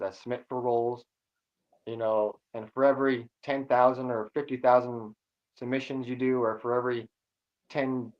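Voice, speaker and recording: A man guest telling a story in a casual way, acting out the voices of the people in it. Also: mid-range voice. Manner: animated, acts out dialogue in raised voices. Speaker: guest, actor and stuntman. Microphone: remote video call. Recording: muffled lo-fi audio.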